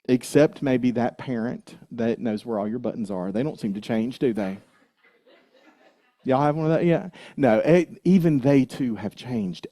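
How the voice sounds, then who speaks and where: A man's voice: on the low side, normal speed, no room sound, studio quality. A man, possibly, giving a conversational, jokey sermon and talking directly to his congregation. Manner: animated, jokey, talks to congregation. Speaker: minister.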